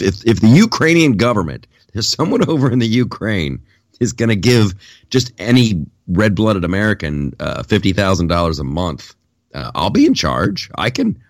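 A man co-hosting a podcast in casual political chat, jokey and animated, with many restarts. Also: low voice, no room sound, studio quality. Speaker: podcast co-host.

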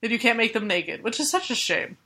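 A woman chats loosely about an old comic, laughing often and swearing for comic effect. Her voice is bright and forward. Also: on the high side, expressive, fairly quick. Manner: laughing, profane, jokey. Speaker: podcast co-host. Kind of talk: casual comic-book chat.

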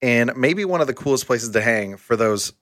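A man co-hosting a casual chat, easygoing and quick to laugh. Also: mid-range voice, expressive, fairly bright tone, no room sound, studio quality. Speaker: co-host.

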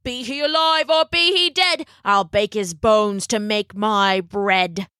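A woman voicing a huge, foul-smelling male giant who roars out slow, chanted threats in a storybook reading. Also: medium pitch, sharp tone, clean tone, no room sound, clean studio sound. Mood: roaring.

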